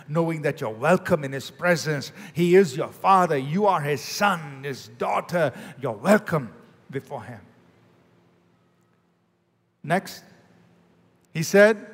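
Male pastor, high-pitched, preaching with big swings from loud to hushed, long church-hall reverb. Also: expressive, takes it slowly. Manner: swings between loud declaring and hushed prayerful tones; acts out sample prayers in his own voice. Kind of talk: sermon.

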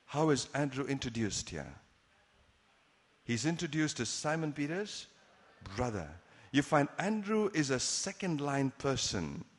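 Man preaching, mid-pitched voice, lots of rhetorical questions, long hall echo. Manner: dramatic storytelling with rhetorical questions. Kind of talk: sermon.

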